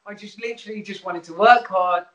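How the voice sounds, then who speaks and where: A chatty man talks as a guest over a video call, often stopping to restart a sentence and breaking into laughs. His voice is bright and sits a little high for a man. The sound carries a roomy echo. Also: steady tone, brisk, muffled recording. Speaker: musician and theatre performer, guest. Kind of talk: casual interview chat.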